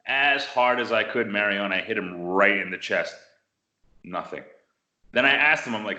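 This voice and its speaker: A man from the United States tells his story in a relaxed interview, lively and acting out the voices of the people in it. His voice sits a bit low but sounds bright and forceful. The room around him is roomy and echoey. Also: normal speed. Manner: animated storyteller, acts out quotes. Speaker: interviewee, martial arts practitioner. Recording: roomy echo.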